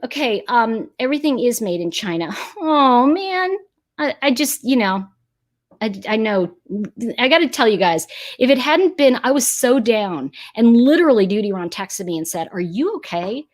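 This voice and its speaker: A woman hosting a live stream, speaking casually and emphatically while reading viewer comments and giving spiritual, energy-focused advice. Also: mid-range voice. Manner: animated and emphatic, acts out quoted voices.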